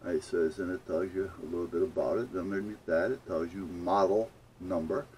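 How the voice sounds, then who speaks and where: A man's voice: low-pitched, steady tone, moderate pace, a little mellow, slight background noise. An older man telling an annoyed story to camera, indignantly acting out both sides of a phone call. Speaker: vlogger. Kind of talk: casual ranting story to camera.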